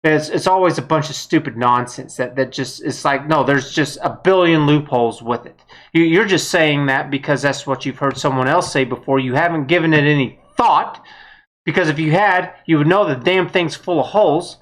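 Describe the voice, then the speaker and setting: A woman's voice: low voice, moderate pace. A woman giving a blunt, heated political opinion monologue, with some mild swearing. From United States. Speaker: vlogger.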